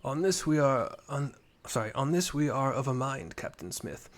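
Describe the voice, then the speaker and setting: A man reading the lines of a composed male military commander in a game, in a formal, measured way. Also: mid-range voice, lively intonation, close to an everyday voice.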